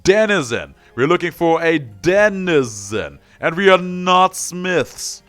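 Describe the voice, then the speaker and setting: A man's voice: medium pitch, lively intonation, a little fast, no echo, soft background music, natural voice. A man voicing a pushy city guard who barks orders, reading game dialogue aloud. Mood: impatient. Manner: loud, barking orders.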